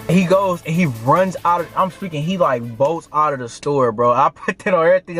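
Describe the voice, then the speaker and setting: A young man in his twenties tells a story with an animated, slangy delivery in a somewhat high voice. His storytelling is casual and lively. Faint music sits under the voice. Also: moderate pace, hardly any pauses. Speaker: vlogger. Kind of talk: storytime vlog.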